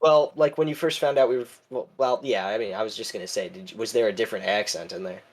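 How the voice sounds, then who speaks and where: A man's voice: on the low side, fast talker. A young man with a Chicago accent, chatting casually as a podcast co-host, joking and often trailing off. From Chicago area, United States. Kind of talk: casual chat.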